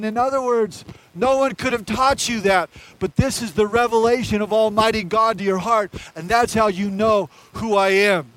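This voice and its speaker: A man's voice: high voice, steady tone, moderate pace, a bit bright, rough recording. A male pastor preaching a sermon in an earnest, conversational way, talking straight to his congregation.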